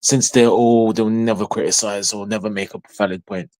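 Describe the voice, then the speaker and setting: A man's voice: lowish voice, steady tone, moderate pace, a little mellow, no room sound. A man co-hosting a fan livestream, reading viewer comments in casual chat, blunt and mocking, with chuckles.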